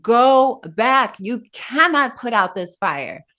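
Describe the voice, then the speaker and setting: Stern commanding eagle, as a woman acts it out, loud, forceful, told in a talk. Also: medium pitch, slow pace.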